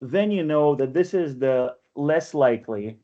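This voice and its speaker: This workshop instructor's voice sits a little high and has a dark tone, expressive but delivered at a measured pace. Over a video call, in lo-fi audio, he lectures to an online poetry workshop, walking through each step and often asking "right?"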